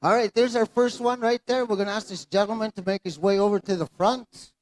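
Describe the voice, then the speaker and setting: A man's voice: high-pitched, fairly even intonation, brisk. A man emceeing a pow wow, announcing live to dancers and crowd in an easygoing, joking way. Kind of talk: live event announcing over a PA. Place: outdoor pow wow arena.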